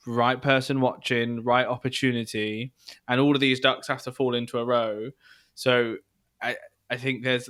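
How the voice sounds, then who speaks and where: Male podcast host, smooth clear voice, casual interviewer, mid pitch. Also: fairly bright tone. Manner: conversational, asks several questions in a row.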